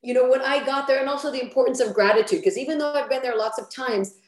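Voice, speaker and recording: A woman's voice: high-pitched, fast, a little mellow. A woman hosting an interview, speaking reflectively and affirming her guest. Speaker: interviewer, podcast host. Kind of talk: casual interview chat. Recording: echoey room.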